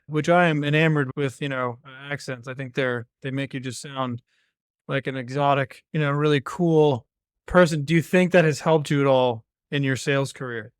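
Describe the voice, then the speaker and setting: An American man hosting an interview, asking drawn-out questions and joking about himself. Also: mid-range voice, clear, resonant tone, no room sound, studio quality. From United States. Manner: asks drawn-out questions, jokes self-deprecatingly. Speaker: podcast host. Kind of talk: conversational interview.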